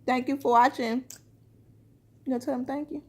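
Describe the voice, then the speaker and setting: A fairly high-voiced woman vlogger chats casually through a snack taste test. She keeps turning to viewers with "you guys" and hums over her food between remarks. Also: fairly even intonation, darkish tone, slightly rough. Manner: talks while eating, with drawn-out "mm" sounds.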